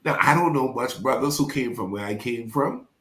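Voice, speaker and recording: A man who is a pastor, telling a painful personal story as a podcast guest in an animated, preacher-like way. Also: mid-range voice, normal speed, roomy sound. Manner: animated, preacher-like, acts out quoted voices.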